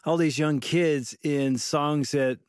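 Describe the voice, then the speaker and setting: A man's voice: fairly high pitch, fairly even intonation, slow, clear, resonant tone, dry recording, studio quality. A man co-hosting a radio talk show who asks playful, teasing questions in casual chat.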